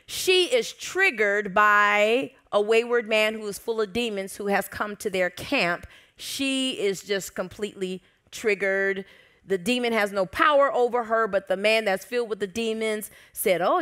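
A woman pastor at medium pitch preaches a sermon, telling a story with lively expression. At tender moments she drops to soft whispers.

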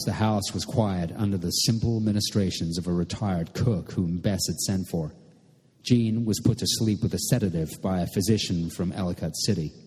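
A man narrating a novel in an audiobook, reading in a measured, literary way. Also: sits low, dark tone, husky, long reverb tail.

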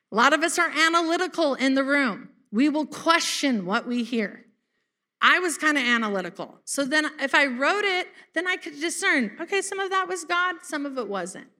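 A woman's voice: high voice, bright, forceful tone. A woman preaching a casual sermon to a congregation, chatty and direct, often asking if they caught that. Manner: chatty, laughing, talks straight to the congregation. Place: church service.

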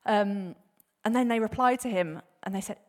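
A woman with a mid-range voice gives a casual, chatty church talk at a moderate pace. She laughs often, fills her speech with fillers and restarts, and animatedly acts out Bible quotes in different voices.

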